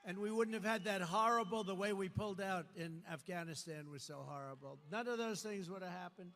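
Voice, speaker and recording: High, bright-voiced American man shouting at a rally. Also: brisk, big-room sound. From United States. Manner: repetitive, punchy declarations, rising to shouts. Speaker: political candidate. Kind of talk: campaign rally speech. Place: large venue at a campaign event.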